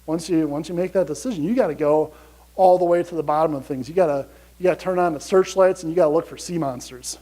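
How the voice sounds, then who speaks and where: A man giving a motivational conference talk to an audience, energetic and chatty, often asking "right?". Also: a little high, quick pace, poor audio. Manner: energetic, chatty, repeats "you gotta" and "right?". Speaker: conference speaker.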